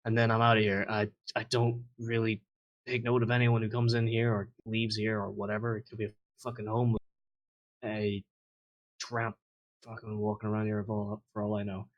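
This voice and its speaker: A man voicing a nervous male thug in a dark alley, evasive and full of swearing. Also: on the low side, flat delivery, brisk, highs cut off, lightly acted.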